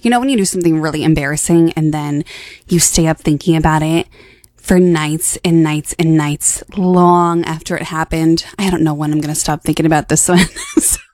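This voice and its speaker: A woman in her thirties, a radio host telling a chatty on-air story in an animated way, laughing as she goes. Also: low voice, fairly quick. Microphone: studio microphone.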